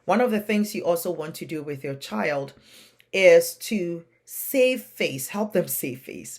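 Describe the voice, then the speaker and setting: Earnest woman giving parenting advice. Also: fairly low pitch. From non-Western country. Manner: earnest, plain-spoken, keeps asking "right?". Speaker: parenting coach. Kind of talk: advice talk to camera.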